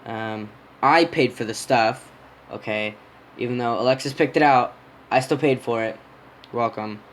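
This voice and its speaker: On his podcast, a young man casually tells a rambling personal story, interrupting himself, yawning, and smacking his lips. His mid-range voice is a bit bright and slightly slow, and the recording is rough.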